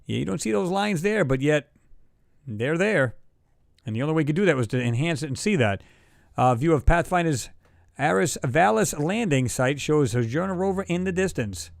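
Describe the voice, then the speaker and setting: A man hosts a casual livestream, chatting in a loose, excitable ramble and answering viewer comments. His voice sits a little high, and the close mic gives a dry sound with almost no room around it. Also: normal speed, gravelly, no room sound. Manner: rambling, loose and excitable, reads chat aloud. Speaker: livestream host.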